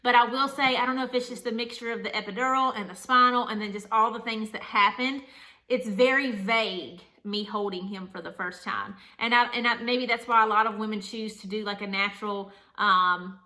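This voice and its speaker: A young woman shares a candid personal story in an earnest, meandering way, leaning on "like" as she talks. Her voice sits a little high and sounds bright and forward. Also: steady tone, a little fast. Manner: earnest, rambling, many "like" fillers. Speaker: vlogger, new mother.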